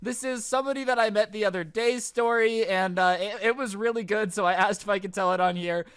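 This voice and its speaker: A man's voice: sits high, brisk, fairly bright tone, clear, resonant tone, no room sound. A young man hosting a storytime channel, narrating in a sarcastic, ranting and slangy way.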